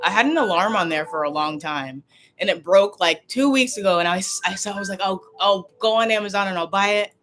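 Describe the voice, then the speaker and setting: A woman's voice: mid-range voice, a little fast, fairly bright tone, a little hiss or hum. A woman vlogger talking casually and tearfully to a livestream, upset and rambling, often repeating herself.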